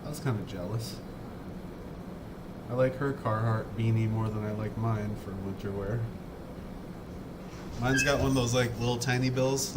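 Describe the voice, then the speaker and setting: A man's voice: lowish voice, very noisy. Chatty North Dakota man. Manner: rambling, chatty, self-deprecating. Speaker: livestream host building a model kit. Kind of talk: casual live-stream chat. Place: home, indoors.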